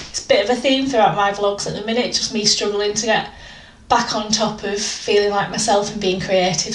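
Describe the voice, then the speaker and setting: A woman chatting candidly and self-deprecatingly in a casual art vlog from her home art room. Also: medium pitch. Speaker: art vlogger. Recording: roomy, distant home mic with faint noise.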